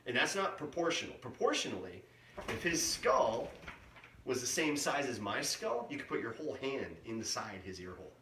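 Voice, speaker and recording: A man's voice: medium pitch, very animated, moderate pace, bright, forceful tone, a little hiss or hum. A middle-aged man, a museum educator, giving a playful live talk for kids and imitating owl calls. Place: indoors, museum room. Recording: roomy sound, mic at a distance.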